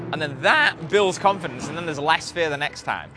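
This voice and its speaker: A man's voice: on the high side, lively intonation, moderate pace, hardly any pauses, noisy background. A young man hosting a podcast, talking in a loose, rambling, profane monologue full of filler words. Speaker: podcast host. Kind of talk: casual monologue.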